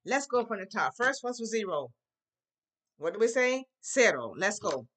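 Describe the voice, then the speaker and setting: A woman teaching a Spanish class to young children, leading songs and call-and-response in a lively, sing-song way. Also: mid-range voice, moderate pace. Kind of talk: children's language lesson.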